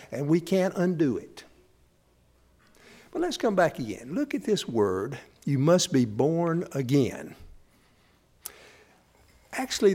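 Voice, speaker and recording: A pastor preaching in a folksy, storytelling way, often speaking directly to his listeners. His voice sits a bit higher than most men's. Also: darkish tone. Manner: folksy storytelling, talks straight to the audience. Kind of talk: sermon.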